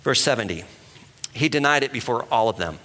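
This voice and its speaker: Male pastor, bright forceful voice, chatty sermon style, long hall reverb. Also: medium pitch, a little fast. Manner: conversational, animated, asks the room questions. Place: church hall with an audience.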